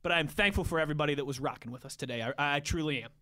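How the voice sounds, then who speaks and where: Man, sports radio host, bright ringing tone, jokey. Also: fairly high pitch, racing. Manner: goofy, joking, laughs often. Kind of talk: casual sports radio chat.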